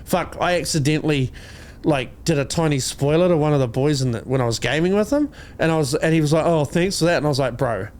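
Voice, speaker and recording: A man's voice: a little high, fast talker, darkish tone. A man in his thirties with a New Zealand accent, co-hosting a podcast in casual comedy chat, swearing a lot and rambling through jokes. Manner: profane, rambling, jokey. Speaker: podcast co-host.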